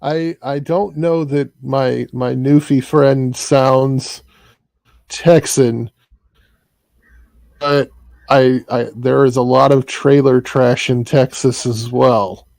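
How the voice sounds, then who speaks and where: A male host with a mellow, dark tone talks slowly in a dry, close sound. He keeps it laid-back and joking, pausing on ums as he thinks. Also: medium pitch, creaky, no room sound. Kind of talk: casual interview chat.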